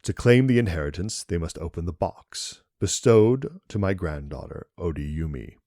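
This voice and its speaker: A man's voice: sits low, expressive, dark tone, dry recording, studio quality. A man doing a stern old steward reading a will. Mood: formal. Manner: slow, measured, formal reading.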